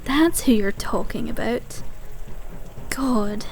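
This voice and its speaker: A scornful young asylum patient with a possessive streak, as a woman acts her out in a whispered role-play. Her voice sits high and she drags her words slowly. Every line drips with condescending mockery. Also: lively intonation, a little mellow, faint music behind, poor audio. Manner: mocking, condescending, slow and teasing. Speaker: ASMR roleplay voice actor.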